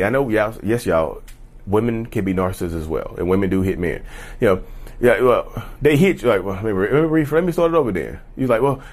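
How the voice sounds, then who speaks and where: A man in a casual vlog monologue, blunt and emphatic, swearing freely and calling his viewers "y'all.". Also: medium pitch. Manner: grows loud and heated. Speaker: vlogger on personality disorder.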